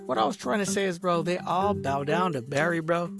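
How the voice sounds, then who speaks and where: A man's voice: sits high, a little fast, creaky, over music. A man in a rambling, angry vlog rant, boastful, smoking a cigar as he talks and saying "bro" and "dog" at every turn. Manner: smoking a cigar while talking. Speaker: vlogger.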